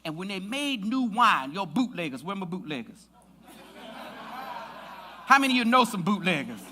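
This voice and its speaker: A man preaching a lively sermon in a church, his voice high and strikingly bright. He swings through a wide melodic range, teasing the congregation and building to loud shouts. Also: moderate pace, a little hiss or hum. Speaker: pastor. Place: church sanctuary.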